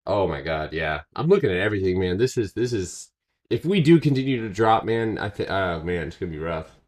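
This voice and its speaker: A man hosting a live stock trading stream, chatting casually and excitably with laughing asides. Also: on the low side, a little fast.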